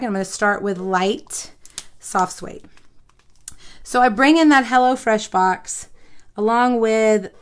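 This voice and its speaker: A woman's voice: a little high, clean tone. A woman hosting a live craft stream, chatting to viewers and telling a rambling story while she works.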